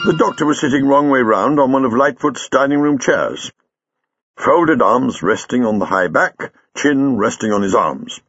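A man reading a story aloud in a measured storytelling manner. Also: mid-range voice, animated, fairly bright tone, husky, dry recording, lo-fi sound, faint music behind. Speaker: audiobook reader. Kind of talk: scripted narration.

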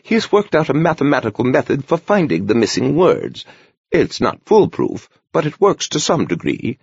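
A man voicing a gentle, kindly old male monk overseer who talks patiently and teases wryly. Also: on the high side, sing-song, normal speed, vocal fry, husky, no room sound, muffled recording, voice pushed up, heavily acted. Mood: patient explaining. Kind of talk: audiobook character voice.

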